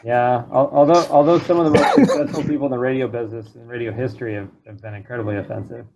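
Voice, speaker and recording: A man's voice: medium pitch, steady tone, fast, noisy background. A man guesting on a podcast in casual chat, hesitant and curious, laughing often.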